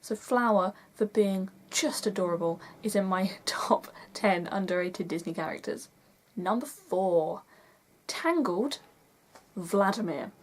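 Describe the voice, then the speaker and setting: A woman's voice: mid-range voice, slow pace. A young woman vlogging in a chatty, enthusiastic way, gushing as she counts down a list. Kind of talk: casual vlog countdown.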